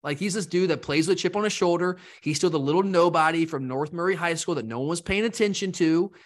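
A man co-hosting a sports podcast, talking fast and rambling, with lively asides. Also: a little high. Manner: animated, rambling, mimics fans in quotes. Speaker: podcast co-host. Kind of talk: casual sports talk.

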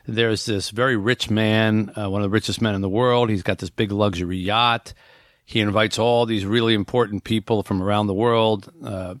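A man's voice: lowish voice, fairly bright tone, no echo, clean studio sound. A man hosting a podcast, casually retelling a book's plot with frequent fillers and restarts. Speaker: podcast host.

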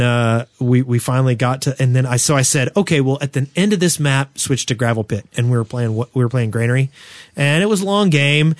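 A man's voice: mid-range voice, no room sound. Rambling male podcast host, dry sound. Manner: rambling storyteller, many restarts. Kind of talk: casual chat.

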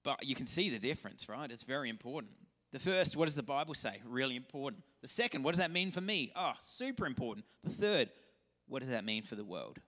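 A man, a pastor, preaching a lively, conversational sermon. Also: medium pitch, fairly quick. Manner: animated, conversational preaching with acted-out dialogue. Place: church auditorium.

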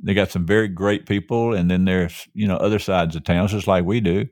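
Easygoing middle-aged dad co-hosting. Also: male voice, deep voice, fairly even intonation, fairly quick, a little mellow, no echo, clean studio sound. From Georgia, US. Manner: easygoing, folksy, chuckling. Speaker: co-host, host's father. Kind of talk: casual chat.

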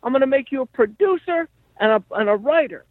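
A man doing a high-pitched pushy old-school manager. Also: lively intonation, a little fast, no room sound. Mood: pushy, excited. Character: brash old-school male talent manager, pushy and upbeat. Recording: dry tinny phone-like sound.

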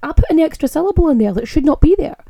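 A woman's voice: sits high, expressive, racing, creaky, dark tone, a little hiss or hum. A young woman with a Scottish accent, hosting a podcast in a casual, opinionated monologue and rolling her R's. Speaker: podcast host.

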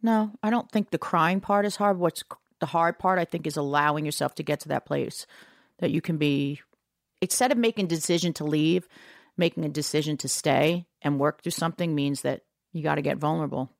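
Low gravelly New woman. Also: brisk, dry recording, clean studio sound. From New York, USA. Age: middle-aged. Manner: frank and reflective, plain-spoken. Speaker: guest, singer. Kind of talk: candid podcast conversation.

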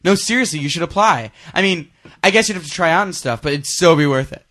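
A man's voice: a little high, animated, fast, bright, forceful tone. A man hosting a casual podcast chat, teasing his co-host and reading out jokes. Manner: teasing, jokey, reads one-liners aloud.

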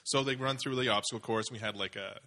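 A man on a podcast, telling an animated story in casual chat and laughing as he goes. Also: mid-range voice, fast. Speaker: podcast co-host.

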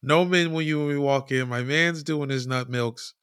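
A man telling a story in casual chat, animated, swearing and mimicking people. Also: a little high, moderate pace, smooth, dry recording, clean studio sound.

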